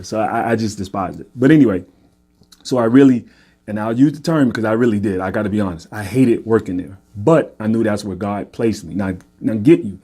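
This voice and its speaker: A man tells a personal testimony in an earnest, conversational way. His voice sits low and sounds warm and mellow. He often stumbles, repeats words and checks in with listeners. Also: lively intonation, fairly quick, slightly rough. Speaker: podcast host telling a personal faith story. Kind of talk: casual testimony monologue.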